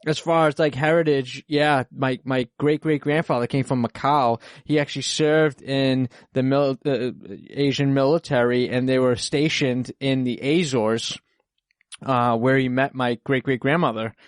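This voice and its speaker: A man's voice: mid-range voice, steady tone, a little slow, dry recording, studio quality. A young man, a podcast host, chatting casually in a rambling, profane way with lots of fillers. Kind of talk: casual chat.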